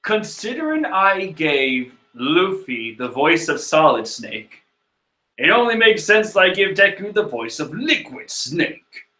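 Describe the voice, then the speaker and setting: A man reads comics aloud in a bright, slightly high voice, joking and swearing as he goes. He records in an echoey room. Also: very animated, a little slow. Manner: joking and profane, laughs often. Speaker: manga reading vlogger. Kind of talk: casual reading and commentary.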